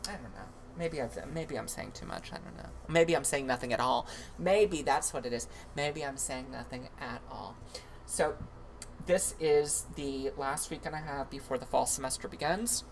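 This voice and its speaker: A man's voice: medium pitch, moderate pace, vocal fry, a little hiss or hum. A man hosting a livestream, chatting in a campy, comedic way with lots of asides. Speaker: livestream host. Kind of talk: casual comedic commentary.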